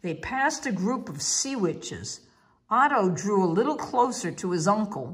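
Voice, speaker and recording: A woman narrating a children's storybook with a clear, expressive delivery. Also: mid-range voice, takes it slowly.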